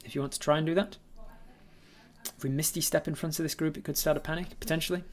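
Relaxed male game master. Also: fairly high pitch, fast. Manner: relaxed, meandering, frequent ums. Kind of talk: narrating a tabletop game.

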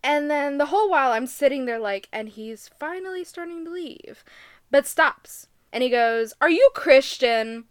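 A woman's voice: high voice, animated, normal speed, no room sound, studio quality. A young woman co-hosting a casual podcast, telling work stories with frequent giggles. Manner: giggly storyteller, reads notes aloud. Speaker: podcast co-host. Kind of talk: casual chat.

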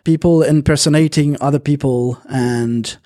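A man hosting a casual podcast chat, talking in a halting way with many fillers and restarts. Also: on the high side, fairly even intonation, mellow. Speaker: podcast host.

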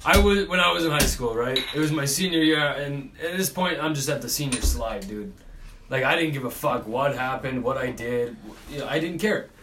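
A man's voice: medium pitch, moderate pace, fairly bright tone, reverberant, distant mic, faint music behind. A young man co-hosting a podcast, telling stories casually with lots of cursing and laughter. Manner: profane, laughing storyteller. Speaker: podcast co-host. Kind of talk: casual storytelling chat.

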